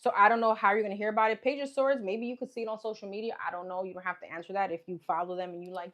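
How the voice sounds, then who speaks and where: Female tarot reader, mid-pitched, casual and meandering, thinks out loud between cards. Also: racing, few pauses. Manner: chatty, musing, repeats "okay" and "what's coming up" while pulling cards. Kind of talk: live tarot reading, thinking aloud.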